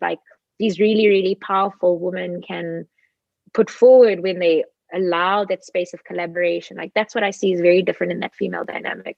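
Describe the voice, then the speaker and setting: A woman musician guest chatting casually in an interview, lively and prone to putting on funny voices when she quotes people. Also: on the low side, a little fast, creaky, no room sound, highs cut off. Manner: animated, slips into playful voices when quoting people.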